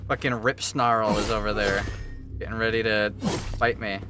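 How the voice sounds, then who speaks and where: A man streaming a video game live, reacting in an excitable, joking and profane way. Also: on the low side, moderate pace. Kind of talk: live gameplay commentary. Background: game music.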